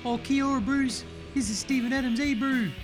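A man's voice: extremely high pitch, fairly quick, music in the background, voice pushed up. A man putting on a jovial New male basketball player giving a slangy greeting.

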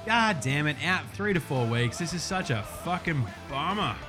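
A young Australian man hosting a casual sports podcast, loose and profane, getting excited over stats. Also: a little high, moderate pace, music in the background. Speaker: podcast host.

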